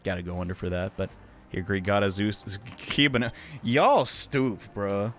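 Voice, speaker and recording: A man's voice: on the low side, lively intonation, normal speed, fairly bright tone. A man giving casual gameplay commentary as the host of a let's play, wry, sarcastic and chatty.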